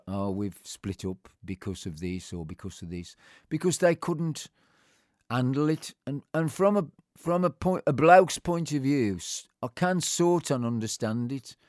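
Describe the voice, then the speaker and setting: A middle-aged man being interviewed shares personal memories in a rambling, heartfelt way, often restarting his sentences. His voice is medium-pitched with a darkish tone, recorded with clean studio sound and no room sound.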